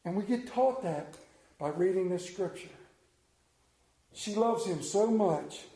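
A middle-aged man preaching a sermon in a church, telling stories dramatically, building to near shouts and dropping to hushed tones. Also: high voice, slow pace, long pauses. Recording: echoey church room.

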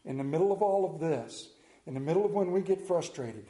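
A male pastor preaching a sermon, animated and self-deprecating, acting out scripture as he goes. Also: a little high, fairly quick, roomy sound.

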